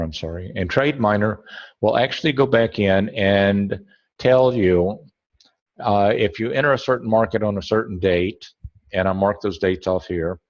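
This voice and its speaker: A man's voice: lowish voice, lo-fi sound. A man teaching a trading webinar over a screen share, rambling and correcting himself as he thinks aloud.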